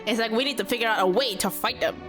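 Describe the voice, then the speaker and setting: Woman, game streamer, high voice, expressive, exclaiming, casual chat. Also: racing. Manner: expressive, exclaiming, laughs often. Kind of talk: casual livestream commentary. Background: game music.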